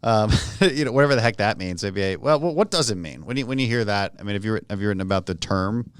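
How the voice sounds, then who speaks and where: A man hosting his podcast, relaxed and joking yet blunt when he argues a point. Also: lowish voice, fast, clean tone, no echo. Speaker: podcast host. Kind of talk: casual conversational interview.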